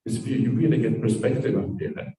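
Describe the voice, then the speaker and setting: A man voicing an excited friend who marvels at the view from a hilltop and calls down to his companion. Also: mid-range voice, a little fast, natural voice. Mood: amazed. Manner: wide-eyed, marveling exclamations. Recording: distant mic in an echoey room.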